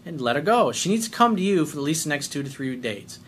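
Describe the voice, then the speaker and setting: A man's voice: fairly high pitch, big pitch swings, quick pace, slight background noise. A man coaching listeners on dating in a blunt, emphatic, profane way. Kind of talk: advice monologue reading listener letters.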